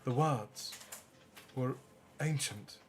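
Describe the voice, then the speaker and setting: A man voicing a measured male noble who speaks carefully, with pauses. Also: mid-range voice.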